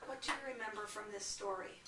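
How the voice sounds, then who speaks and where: A woman teaching a kindergarten lesson, talking slowly and clearly to small children as she reads a story aloud in a classroom. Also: mid-range voice, very noisy. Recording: echoey classroom, far from the camera mic.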